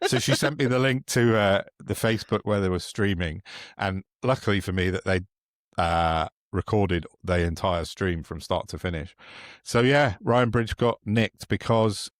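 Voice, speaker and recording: Sweary man, low voice. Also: normal speed, no echo, clean studio sound. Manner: sweary, mocking, chatty storytelling. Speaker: podcast co-host. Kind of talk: casual political chat.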